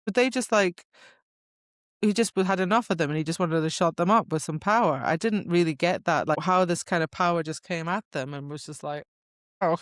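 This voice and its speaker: A woman's voice: on the low side, fairly quick, no room sound, clean studio sound. Chatty woman retelling a book plot. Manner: chatty, jumps into characters' voices, laughs while retelling. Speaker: podcast co-host. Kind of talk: casual book-club chat.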